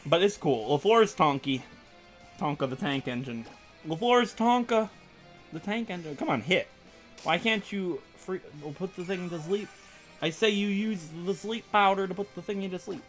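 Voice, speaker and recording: A man hosting a let's play, rambling and joking excitedly over his game. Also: high voice, moderate pace, soft background music. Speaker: gaming channel host.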